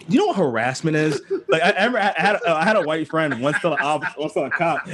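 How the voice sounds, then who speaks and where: Casual co-host, male, profane storyteller; lively, swinging pitch. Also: quick pace, few pauses. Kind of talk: casual chat.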